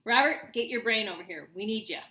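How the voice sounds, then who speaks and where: A woman's voice: medium pitch, lively intonation, a little fast, bright, forceful tone, pitched above the performer's own voice. A woman voicing a nervous fourth-grade boy who talks in an eager, urgent way. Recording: roomy echo.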